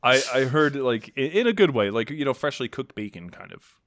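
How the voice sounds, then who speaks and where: A man's voice: mid-range voice, big pitch swings, brisk, a bit bright, no echo, studio quality. A man co-hosting a podcast, chatting playfully in character with a rambling, restarting delivery. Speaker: podcast co-host. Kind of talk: in-character casual chat.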